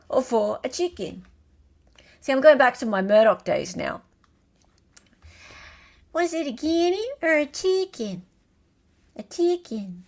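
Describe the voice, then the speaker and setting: An Australian woman hosts a casual trivia game on a live stream. Her voice sits high, and she takes her time. She reads each multiple-choice option in a playful, chatty way.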